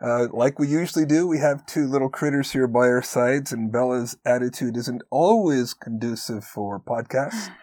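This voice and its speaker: A man's voice: medium pitch, expressive, a little mellow, no echo. Earnest encouraging man, dry close sound. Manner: earnest, encouraging, slows down to stress key points. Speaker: podcast co-host. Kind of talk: conversational podcast talk.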